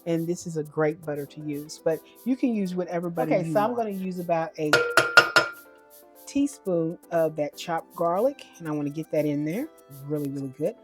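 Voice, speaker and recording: A woman's voice: deep voice, a little fast, over music. A woman giving a casual cooking demonstration at home, chatty and homey, often correcting herself as she goes. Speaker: home cook.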